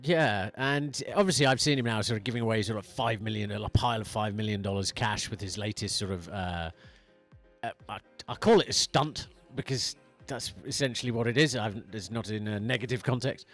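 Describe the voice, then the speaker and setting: A man's voice: fairly low pitch, brisk, fairly bright tone, faint music behind. A man hosting a morning radio show, chatting casually into a studio microphone, rambling and laughing at himself. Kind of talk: casual on-air chat.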